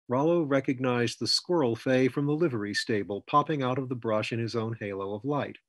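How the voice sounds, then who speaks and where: Male storyteller, husky mid-pitched voice, dry close recording. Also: no echo. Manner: measured storytelling. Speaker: author reading his story. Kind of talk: scripted narration.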